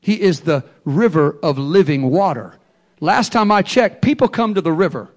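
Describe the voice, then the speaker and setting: A man preaches in an emphatic, call-and-response style. His voice sits high for a man, and he moves from hushed stretches to strong, rising lines. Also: lively intonation, normal speed. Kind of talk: sermon.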